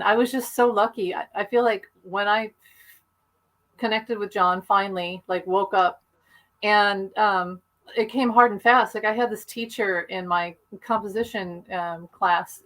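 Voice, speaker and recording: A woman's voice: mid-range voice, a bit bright, rough recording. Chatty woman on a video call. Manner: chatty, rambling, laughs often. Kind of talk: casual chat.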